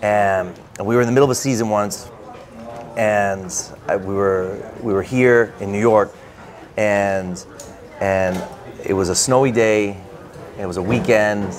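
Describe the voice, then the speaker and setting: At a bookstore event, an author with a fairly low voice shares a personal anecdote with an interviewer in casual conversation. He's animated and loose, piling on "like" fillers, and speaks a little slowly.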